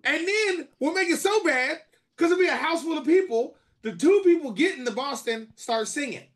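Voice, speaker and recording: A man's voice: extremely high pitch, animated, normal speed. A man co-hosting a podcast, telling fond family memories in casual chat, laughing and singing snatches of song. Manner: fond, sings bits of songs, laughing. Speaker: podcast co-host.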